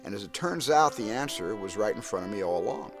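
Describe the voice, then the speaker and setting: A man's voice: fairly low pitch, expressive, quick pace. A man in a comedy sketch playing a famous film director, speaking with dry, wry humor over music.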